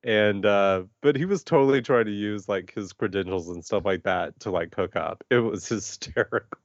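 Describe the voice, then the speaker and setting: A man co-hosting a podcast in casual chat, animated and quick to laugh, often restarting his sentences. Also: on the low side, no echo, lo-fi sound. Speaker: podcast co-host.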